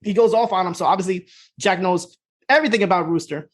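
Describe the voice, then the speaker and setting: Guy on a podcast rattling thru a show recap, talks real fast, loose and jokey. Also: sits high. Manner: fast, loose retelling with quick quoted voices and laughs. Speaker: podcast co-host. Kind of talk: casual recap chat.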